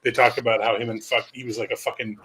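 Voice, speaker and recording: A man co-hosting a casual chat, swearing freely and telling stories in an animated way. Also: mid-range voice, fast, breathy edge. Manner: profane, animated storyteller doing voices. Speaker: podcast co-host.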